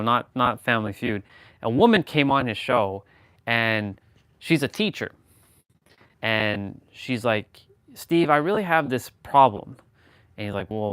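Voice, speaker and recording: A man in casual conversation, talking in loose, rambling runs full of restarts and fillers. His voice sits in a middle pitch range. It is recorded dry and close, with no room sound. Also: fairly bright tone, smooth, no echo. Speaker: host. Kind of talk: casual chat.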